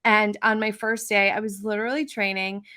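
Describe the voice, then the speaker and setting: A woman's voice: medium pitch, level tone, pushed and bright. A woman in her twenties co-hosting a podcast, telling stories in casual, laughing chat. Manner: chatty storyteller, quick asides, laughs often. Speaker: podcast co-host.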